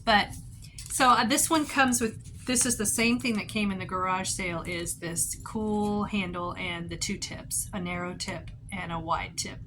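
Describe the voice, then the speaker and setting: A woman in her fifties giving a casual show-and-tell craft tutorial at a table at home, chatty and rambling, with sudden bursts of excitement. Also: medium pitch, a little slow, a little hiss or hum. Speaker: craft vlogger.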